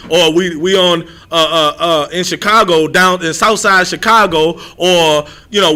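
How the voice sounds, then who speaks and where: High, bright-voiced man preaching. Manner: animated, rambling, repeats himself. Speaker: street preacher. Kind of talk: livestreamed scripture teaching.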